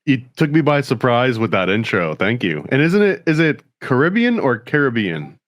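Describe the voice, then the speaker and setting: A man's voice: medium pitch, very animated, moderate pace, fairly bright tone, no room sound. Dry-witted podcast man. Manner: dry, teasing remarks. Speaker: podcast co-host. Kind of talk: casual chat.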